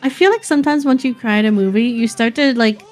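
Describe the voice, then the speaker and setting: A woman's voice: on the high side, fast, faint music behind. A woman guest in a casual chat, curious and asking questions with light laughter.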